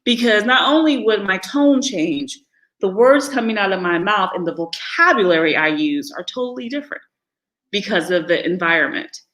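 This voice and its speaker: An American woman with an African American English accent vlogs live and unscripted about living abroad, delivering a casual monologue at normal speed in a mid-range voice. She sounds bright and forward, candid and unfiltered, laughing easily and slipping in lively impressions of other people. The audio quality is poor.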